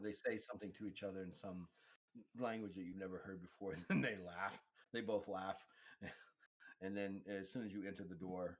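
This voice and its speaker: A man narrating as game master of a tabletop role-playing game, rambling with many fillers and restarts. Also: on the low side.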